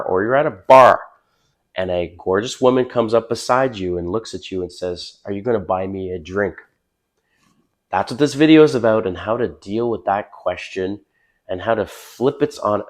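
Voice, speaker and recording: An older man with a raspy, hoarse voice after being sick, giving blunt, chatty dating advice straight to the viewer and calling him bro. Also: lowish voice. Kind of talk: casual to-camera advice talk.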